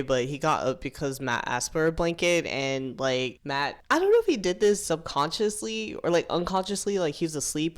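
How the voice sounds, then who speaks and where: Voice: medium pitch, clean tone. A host giving a casual, chatty recap of a series episode, exasperated at the characters and swearing freely, with lots of "like" fillers. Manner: acts out characters' lines in quick quoted asides.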